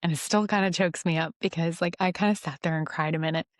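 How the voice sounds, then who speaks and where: A woman giving a rambling, earnest faith testimony, self-deprecating and quick to laugh at herself. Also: sits low, fairly even intonation, dry recording, studio quality. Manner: halting restarts when emotional. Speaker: Christian devotional vlogger.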